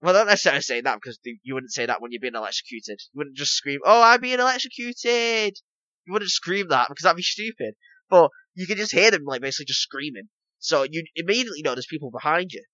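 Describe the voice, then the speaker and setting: A man's voice: mid-range voice, lively intonation, quick pace, bright, forceful tone, dry recording, dull audio. A man co-hosting a casual gaming podcast, rambling and leaning on "basically" and "obviously" as he explains. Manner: rambling, repeats himself, lots of "basically" and "obviously". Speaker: podcast co-host.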